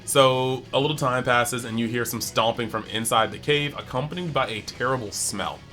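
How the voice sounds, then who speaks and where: A man's voice: mid-range voice, faint music behind. Chatty man breaking down an episode. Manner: animated, acts out characters' lines in quick bits; chatty, heavy use of "like". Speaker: anime review channel host.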